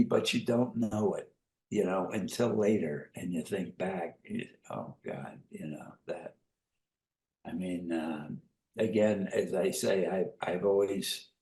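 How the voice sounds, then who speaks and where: A man, an author, reflecting thoughtfully in an interview, halting with many pauses. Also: low-pitched, darkish tone, reverberant. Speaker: author guest.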